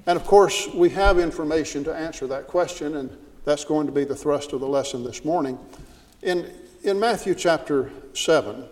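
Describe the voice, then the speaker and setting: A man preaching a Bible lesson in an earnest way, often repeating words as he starts a phrase and rising to loud emphasis when he quotes scripture. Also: a little high, normal speed, big-room sound, poor audio. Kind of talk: sermon.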